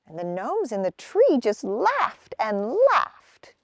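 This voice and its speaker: A woman reading a children's picture book aloud outdoors, in an expressive storytelling manner. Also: a little high, slow pace. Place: outdoors in a forest.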